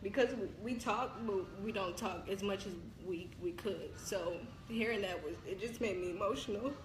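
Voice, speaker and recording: A woman's voice: mid-range voice, steady tone, moderate pace, over music, low-quality recording. Tearful young woman hosting a live chat. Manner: emotional, tearful, thankful, reads comments aloud. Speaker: host. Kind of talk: casual chat on a live video.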